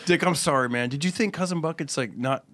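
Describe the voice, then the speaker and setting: A man's voice: fairly high pitch, fast talker, fairly bright tone, slight background noise. A man co-hosting a podcast, bickering playfully in casual banter. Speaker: podcast co-host.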